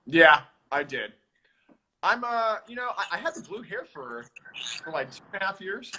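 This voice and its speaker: A man's voice: high-pitched, very animated, pushed and bright, slight background noise. Easygoing man chatting on a call. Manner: easygoing, rambling, halting restarts. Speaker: guest, drummer. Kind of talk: casual video-call chat.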